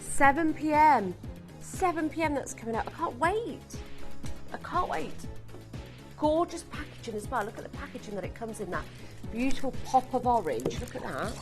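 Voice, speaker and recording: A woman's voice: sits high, moderate pace, music in the background. Gushing woman selling on live TV. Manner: excitable, gushing, urging viewers to buy. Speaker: shopping channel presenter. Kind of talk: live TV shopping sales patter.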